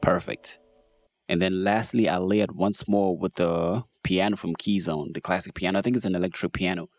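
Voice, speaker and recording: A man casually walking through how he built a beat, in a laid-back, relaxed way, as host of a production tutorial. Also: sits low, moderate pace. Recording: faint music behind voice. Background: beat playback.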